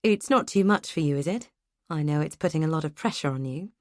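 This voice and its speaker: Woman playing a polite boss man, audiobook figure, measured, low-voiced. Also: animated, a little mellow, no echo, studio quality. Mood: concerned. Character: polite, concerned male boss.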